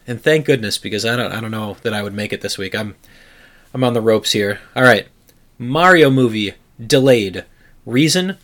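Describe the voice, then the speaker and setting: A man's voice: fairly low pitch, normal speed, fairly bright tone. A man hosting a casual podcast, joking and rambling as he reads out gaming news. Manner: joking, rambling, with frequent restarts and bursts of laughter. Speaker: podcast host reading the news segment. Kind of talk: casual chat.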